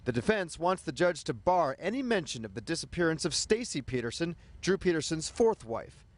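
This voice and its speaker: A man reporting a court story for television in a measured, formal news delivery. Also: a little high, big pitch swings.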